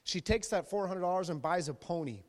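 A man, a youth pastor, preaching a sermon and telling stories lively, acting out the people in them. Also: high voice, brisk. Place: church sanctuary. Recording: long reverb of a large hall.

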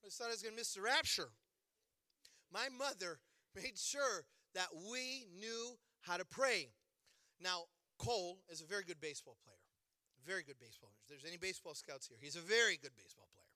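A high-pitched man in his forties preaches in an animated, humorous storytelling style. His voice is very bright and forceful. The sound is dry and close. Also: a little fast, dry recording. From Chicago area, USA. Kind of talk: storytelling sermon.

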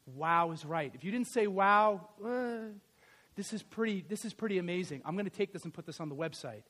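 A man preaching a sermon as pastor, swinging from loud emphatic lines to quiet conversational asides with fillers and self-corrections. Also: high-pitched, fairly quick.

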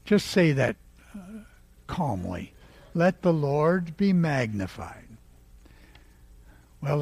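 A man preaching a sermon, leading the congregation in call-and-response and rising to loud exclaiming. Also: high voice, gravelly, slightly rough, no room sound.

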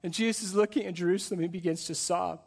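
A man preaching a sermon in a conversational way, asking rhetorical questions and dropping soft and slow on solemn points. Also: high voice, steady tone, gravelly, husky. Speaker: pastor.

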